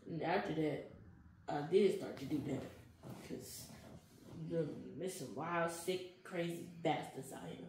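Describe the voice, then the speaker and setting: In an unhurried, low-pitched voice, a young adult woman being interviewed relates her story with lively animation. She talks in slang and acts out quotes from others, and the audio is echoey with faint noise.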